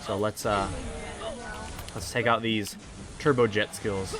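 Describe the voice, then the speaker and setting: A man hosting a casual let's play speaks slowly in a lowish voice with fairly even intonation, with faint game music behind him. He rambles, restarts often, uses lots of fillers, and hums along.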